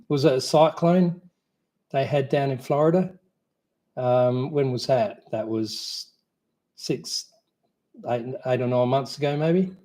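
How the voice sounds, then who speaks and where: An Australian man chats loosely on a live stream, wandering off on tangents with plenty of ums and restarts. His voice sits at an ordinary middle pitch. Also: mellow. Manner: rambling, easygoing, many fillers and restarts. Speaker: co-host. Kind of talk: casual live Q&A chat.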